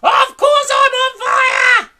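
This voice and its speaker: A woman voicing a grumpy old grandmother who yells in shrill panic, as in a storybook read aloud. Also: steady tone, slow, full character voice. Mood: panicked shrieking. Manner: shrill frantic shouting.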